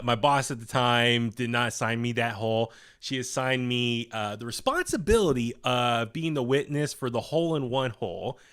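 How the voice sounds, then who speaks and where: A young man guesting on a podcast tells a long, rambling story in a casual way, full of fillers and restarts, and he acts out the voices of the people in it. His voice is medium in pitch, a bit bright, clear and resonant.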